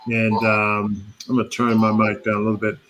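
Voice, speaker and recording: A middle-aged man, a doctor, hosting a live online panel from a studio and presenting a case from slides in a relaxed, conversational way with many fillers. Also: lowish voice, a little fast, background noise.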